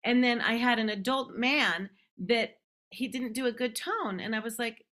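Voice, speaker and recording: A woman hosting a casual conversation, telling stories from her voice teaching. She speaks emphatically, stressing her points. Her voice sits fairly high and sounds bright. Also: moderate pace. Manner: storytelling, emphatic. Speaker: host, voice teacher.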